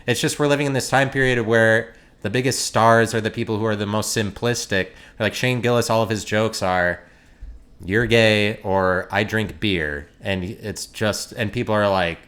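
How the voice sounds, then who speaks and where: Podcast host, male, lowish voice, exasperated sarcastic rant. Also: expressive, measured pace, a bit bright. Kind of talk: opinionated solo rant.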